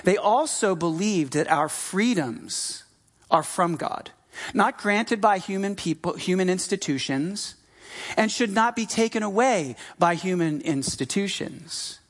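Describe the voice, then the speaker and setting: Middle-aged pastor from the US, sermon, chatty delivery, emphatic repeats, medium pitch. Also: animated, measured pace. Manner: conversational, with frequent fillers and restarts; emphatic, repeating key phrases.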